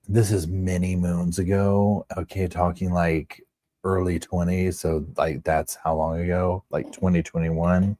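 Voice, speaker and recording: A man's voice: low-pitched, a little mellow, slightly rough, no echo, clean studio sound. A man in his forties hosting a livestream from home, telling a casual, rambling story full of "like" and "you know.". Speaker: livestream host.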